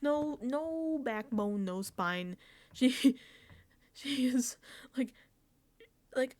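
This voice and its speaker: A woman host giving a casual, animated recap of a reality show, laughing often and sounding exasperated. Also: high-pitched, extremely slow, pauses often.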